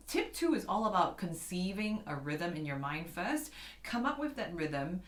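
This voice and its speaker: A very animated piano teacher speaks in a lowish voice at a moderate pace, with background noise present. Her casual online keyboard lesson takes place in an echoey room with a piano, where she chats with viewers as "guys" and scats rhythms.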